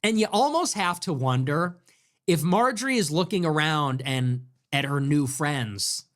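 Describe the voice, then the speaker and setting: A man delivers a political commentary monologue full of sarcastic mockery and crude jabs. His voice sits high for a man. It leaps up and down as he rants. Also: expressive, measured pace, a bit bright. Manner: sarcastic and mocking, with crude insults. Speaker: political commentary show host.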